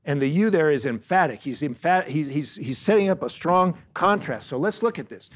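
A man preaching a Bible lesson, earnest, often repeating words and slowing down to stress key phrases. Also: on the high side, expressive. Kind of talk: Bible teaching sermon.

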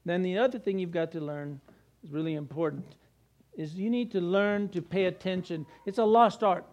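A middle-aged man preaching a sermon, animated, with jokey asides and acted-out quotes. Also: high voice, normal speed, muffled recording. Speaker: pastor.

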